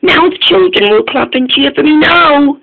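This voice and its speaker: A man voicing an eager, jealous young male train engine in a storybook reading, speaking haltingly and restarting his lines, on a tinny, phone-like recording. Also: high-pitched, steady tone, exaggerated voice.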